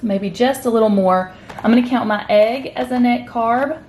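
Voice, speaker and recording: A woman's voice: on the high side, steady tone, a little slow, darkish tone, faint music behind. Chatty woman vlogging her keto day. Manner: chatty, upbeat, talks to viewers directly. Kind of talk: casual chat to camera. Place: at home, partly outdoors.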